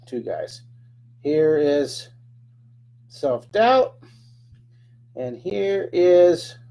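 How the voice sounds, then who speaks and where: Man, drawing teacher, gravelly voice, slightly high pitch, chats while drawing. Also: dark tone. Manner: chatty, narrates each stroke, playful sound effects. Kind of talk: live drawing lesson.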